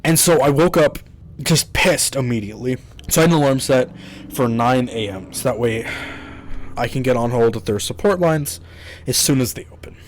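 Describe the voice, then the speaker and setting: A man's voice: mid-range voice, normal speed, slight background noise. A man telling a story in a rambling, casual rant to his YouTube audience, exasperated and swearing often.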